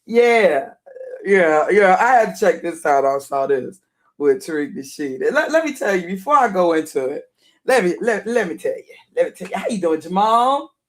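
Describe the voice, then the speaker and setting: A middle-aged woman with a deep alto voice, hoarse and worn, rambling through casual live-stream commentary and greeting viewers by name. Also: very animated, moderate pace. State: hoarse, voice wearing out.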